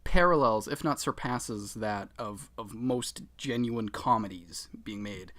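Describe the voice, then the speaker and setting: Brief: sarcastic male podcast co-host, bright tense voice, animated casual movie talk. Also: fairly low pitch, measured pace. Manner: sarcastic, animated, swears freely. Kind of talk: casual movie-review chat.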